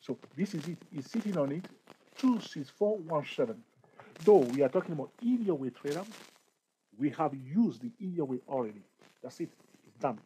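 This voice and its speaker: Dark-voiced man explaining trading charts. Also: a little high, animated, slight background noise, low-quality recording. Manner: halting, explanatory, points at chart. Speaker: trading tutor. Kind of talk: screen-share chart tutorial.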